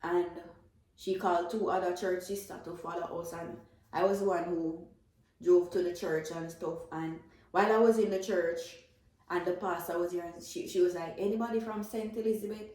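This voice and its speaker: In a very echoey room, a woman with a Jamaican accent gives an earnest, emotional faith testimony, repeating herself as she goes. Her voice sits on the low side, a little mellow, with fairly even intonation and a moderate pace.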